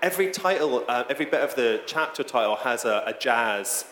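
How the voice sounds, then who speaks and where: A man's voice: medium pitch, expressive, fairly quick, fairly bright tone, slight background noise. Scottish man interviewing in an echoey hall. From Britain. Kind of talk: onstage book interview. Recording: roomy echo, long hall reverb.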